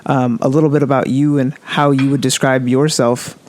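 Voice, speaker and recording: A man's voice: medium pitch, little pitch movement, moderate pace, a little mellow. A man hosting a podcast in a casual interview chat, enthusiastic and rambling. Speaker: podcast host.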